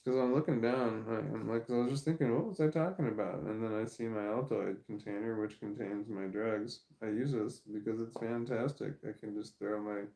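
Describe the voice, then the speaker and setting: A man's voice: on the low side, fairly even intonation, fairly quick, gravelly, hardly any pauses, dark tone, low-quality recording. A young adult man talking casually to camera, rambling, swearing and laughing as he goes. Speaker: vlogger.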